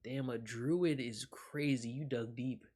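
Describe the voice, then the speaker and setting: Slow-talking husky young man streaming. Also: medium pitch, fairly even intonation, warm tone. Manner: loose, profane, reacting aloud with frequent laughs. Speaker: live streamer. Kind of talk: casual live-stream chat.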